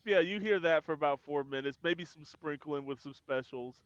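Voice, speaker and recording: A man's voice: a little high, moderate pace, clear, resonant tone, no echo, dull audio. A man narrating as game master of a tabletop role-playing game.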